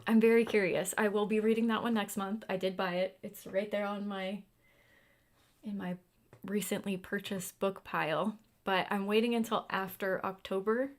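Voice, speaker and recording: A young woman chatting casually while carving a pumpkin, musing aloud about books and dropping now and then into quiet asides. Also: medium pitch, fairly even intonation, normal speed. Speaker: booktuber.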